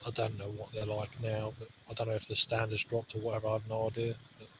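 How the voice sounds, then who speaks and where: A man's voice: lowish voice, monotone, fast talker, noisy background. A man co-hosting a casual podcast chat, laid-back with short remarks and casual swearing. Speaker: podcast co-host.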